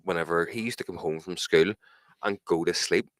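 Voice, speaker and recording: A man's voice: sits low, brisk, no echo, clean studio sound. A man, co-hosting a podcast in casual, sweary banter and acting out quotes. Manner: swears a lot, acts out quotes with mock voices. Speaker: podcast co-host.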